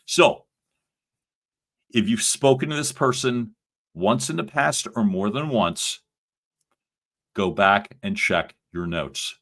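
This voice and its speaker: A man's voice: lowish voice, lively intonation, takes it slowly, pauses often, fairly bright tone. A man coaching salespeople on a live stream, talking with energy and emphasis and acting out sample phone lines.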